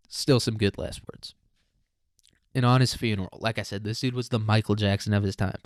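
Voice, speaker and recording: A man's voice: fairly low pitch, steady tone, normal speed, dry recording, clean studio sound. A young man hosting a casual solo podcast, rambling, profane and jokey. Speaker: podcast host.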